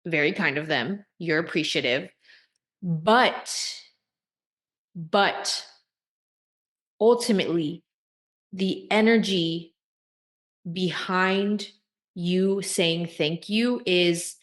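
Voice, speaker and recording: A woman coach giving dating advice to camera, high-energy and eccentric, with deliberate, emphatic delivery. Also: fairly bright tone.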